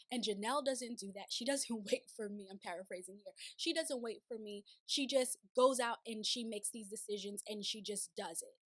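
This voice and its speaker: A woman hosting a casual recap of a TV show, chatty and animated, slipping into playful voices when she paraphrases. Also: medium pitch, normal speed, few pauses, no room sound. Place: city home, sirens outside.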